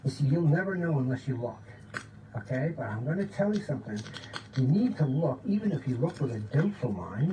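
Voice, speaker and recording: A man giving an informal, excited spiritual talk, often checking in with "okay?" and sometimes dropping to a low voice to demonstrate. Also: fairly quick. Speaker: spiritual teacher. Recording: distant mic with faint background noise.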